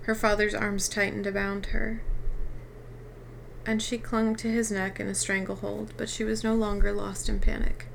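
A woman's voice: medium pitch, level tone, normal speed, vocal fry, a little hiss or hum, poor audio. A woman reading a novel aloud, now and then stumbling over the text. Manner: stumbles and apologizes between passages. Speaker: reader.

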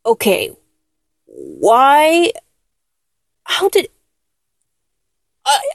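A woman's voice: high-pitched, expressive, takes it slowly, long pauses, dry recording. A woman performing a one-sided audio role-play, moving from teasing to tearful, breathless pleading.

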